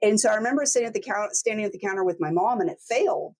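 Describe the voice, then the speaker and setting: A middle-aged woman who grew up in Texas, telling lively stories in a casual chat and mimicking other people with big jumps in pitch. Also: very fast, poor audio. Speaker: law firm owner, host.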